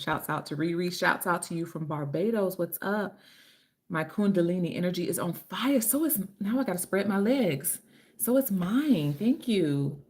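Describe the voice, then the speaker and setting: A woman's voice: on the low side, darkish tone. A woman hosting a casual livestream from her home, chatty and affectionate, greeting viewers by name and calling them honey. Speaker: livestream host and author. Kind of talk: casual live-stream chat. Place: home with kitchen and ring light.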